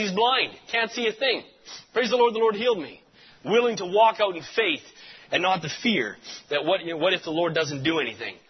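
A male preacher telling a story in a sermon, animated and punctuated with amens. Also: fairly high pitch, breathy edge, muffled recording. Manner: animated storyteller, repeats amen.

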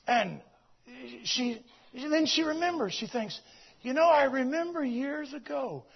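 A man preaching, moving from shouted exclamations to hushed storytelling and repeating his phrases. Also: very high voice, animated, unhurried, highs cut off. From United States. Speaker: visiting preacher. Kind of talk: sermon storytelling.

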